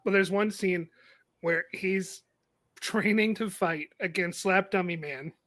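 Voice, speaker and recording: High-voiced man cracking wry jokes. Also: slow pace, fairly bright tone, dry recording. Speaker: podcast guest. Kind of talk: casual movie review chat.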